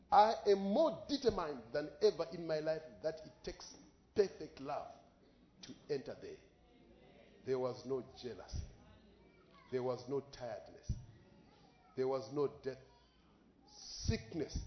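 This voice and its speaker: A man preaching a sermon as an impassioned storyteller whose voice rises sharply on exclamations, paused for live interpretation. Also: on the high side, a little hiss or hum. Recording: echoey, dull lo-fi recording.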